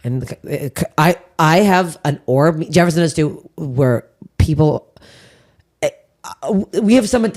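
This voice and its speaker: A woman hosting a comedy podcast, telling stories in a casual, profane, animated way. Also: deep voice. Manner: profane, rapid, animated storytelling. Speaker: podcast host. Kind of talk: casual comedic chat and storytelling.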